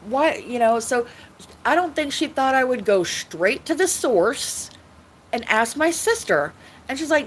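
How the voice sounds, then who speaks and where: A woman's voice: high-pitched, expressive, unhurried, a little hiss or hum, low-quality recording. A woman talking casually on her own livestream, rambling with many restarts and frequent swearing. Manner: rambling, repetitive, swearing often. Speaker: livestream host.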